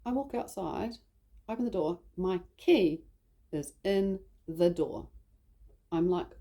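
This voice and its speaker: A New Zealand vlogger tells a personal story slowly and warmly, her fairly low voice animated and broken by frequent pauses. She rambles in a chatty way and says "like" heavily.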